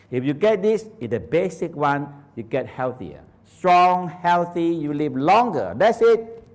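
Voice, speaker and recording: A man teaching a live workshop in non-native English, animated, laughing often and firing questions at the audience. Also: a little high. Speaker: Taoist teacher. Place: training center hall.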